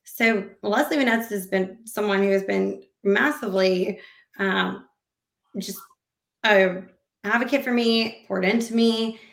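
A woman appears as a podcast guest, chatting casually and animatedly, acting out quoted conversations and rambling with frequent fillers and restarts. Her mid-range voice is gravelly and measured in pace, and the sound is reverberant.

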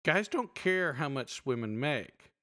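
A man co-hosting a podcast in casual chat, retelling stories with lively acted-out voices. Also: a little high, measured pace. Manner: animated storyteller acting out voices. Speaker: podcast co-host.

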